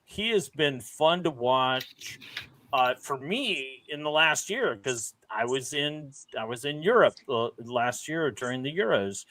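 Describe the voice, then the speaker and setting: Slow, hesitant man on a fan show. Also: mid-range voice, expressive, pushed and bright. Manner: hesitant, many ums and restarts. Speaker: co-host. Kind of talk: casual sports talk.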